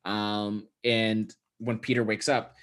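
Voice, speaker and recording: A man co-hosting a podcast in casual chat, recapping a film with joking, profane, animated retelling. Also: fairly low pitch, slow pace. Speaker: podcast co-host.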